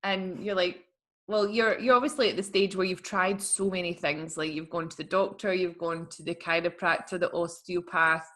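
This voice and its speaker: This young woman co-hosts a podcast, chatting casually and rambling through stories packed with fillers like "like." Her voice is fairly low and a bit bright, with fairly even intonation at a normal speed.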